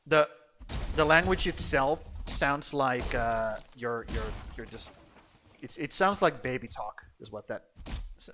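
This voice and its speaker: A man talks loosely over his gameplay, wandering between thoughts and swearing freely. His voice has a bright, sharp edge at a middle pitch, with a faint hiss of noise underneath. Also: expressive, a little slow. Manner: rambling, profane, blunt. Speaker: game streamer. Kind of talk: casual gameplay chat.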